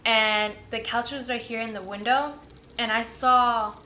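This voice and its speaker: A woman's voice: fairly high pitch, measured pace, slight background noise. A young woman casually retelling a story, full of fillers and quoted dialogue. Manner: filler-heavy, animated retelling.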